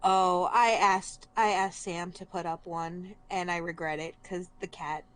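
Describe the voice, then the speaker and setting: A woman's voice: fairly low pitch, unhurried, a little hiss or hum. A woman in casual group chat, telling stories and acting out little quoted lines. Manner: animated storytelling, acting out quotes. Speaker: game master.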